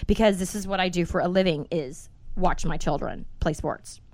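A woman in her forties hosting a casual podcast, telling stories in a blunt, animated way and swearing freely. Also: lowish voice, moderate pace, no room sound. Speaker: podcast host.

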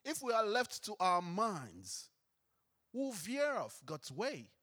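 A man's voice: high-pitched, wildly swooping pitch, takes it slowly, pushed and bright. A man preaching a sermon, asking the congregation questions and reading scripture with rising emphasis.

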